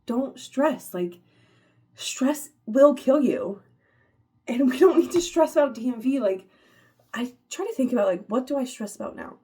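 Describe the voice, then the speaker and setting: A woman's voice: sits high, animated, measured pace, warm tone. A woman, giving a casual, upbeat motivational talk to her viewers, full of "like" fillers and laughter. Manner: chatty, upbeat, many "like" fillers, laughs often. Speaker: vlogger.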